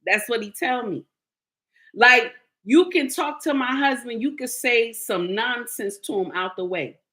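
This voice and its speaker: A woman vlogging casual commentary, telling stories in an animated, emphatic way. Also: on the high side, measured pace.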